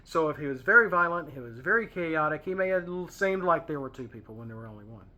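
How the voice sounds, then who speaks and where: A man's voice: a little high, expressive, quick pace, pushed and bright. A man hosting a casual Bible study, reading verses and explaining them in a chatty, digressive way with pop-culture asides.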